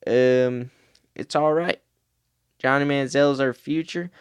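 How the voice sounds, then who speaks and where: A man's voice: medium pitch, a little slow, smooth, dry recording, clean studio sound, close to an everyday voice. A man putting on a Southern accent to play a pushy, boastful male football team owner, brash and dismissive. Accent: Southern US, put on.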